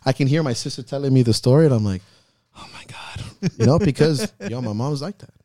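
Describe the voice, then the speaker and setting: A man's voice: mid-range voice, fast, mellow, no echo, studio quality. A man hosting a podcast, telling heartfelt personal stories in casual talk full of swearing. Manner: profane, heartfelt storytelling. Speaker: podcast host.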